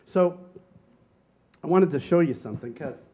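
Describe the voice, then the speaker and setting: A minister delivers a conversational Sunday sermon, sharing personal stories and posing rhetorical questions. His voice is a little high and expressive, with a dark tone and a moderate pace.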